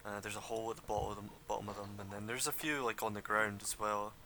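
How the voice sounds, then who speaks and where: A man's voice: fairly low pitch, fairly even intonation, fast talker, pushed and bright, a little hiss or hum. A young man running a tabletop game as game master, describing scenes loosely with lots of fillers and laughter.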